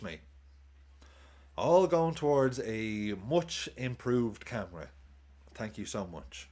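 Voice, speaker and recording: A man's voice: medium pitch, big pitch swings, slow, long pauses, a little mellow. A man streaming a live football watchalong, chatting casually, swearing, cheering goals and thanking viewers for tips.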